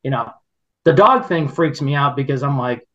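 A man's voice: mid-range voice, animated, moderate pace, fairly bright tone. A middle-aged man telling a story on a podcast in a rambling, indignant way, with many restarts. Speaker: podcast guest. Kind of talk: casual conversational storytelling. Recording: dull lo-fi podcast audio.

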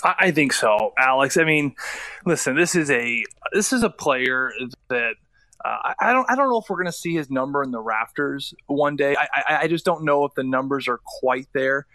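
A man co-hosting a sports radio show, chatting casually and telling stories with animated, stammering restarts. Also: mid-range voice, normal speed, dry recording. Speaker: radio co-host and former hockey player.

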